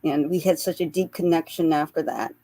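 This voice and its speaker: A woman's voice: deep voice, steady tone, brisk, dark tone, dry recording. A woman, a guest on a radio interview, earnestly recounting memories in a storytelling manner and laughing through the lighter parts. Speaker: guest, psychic portrait artist.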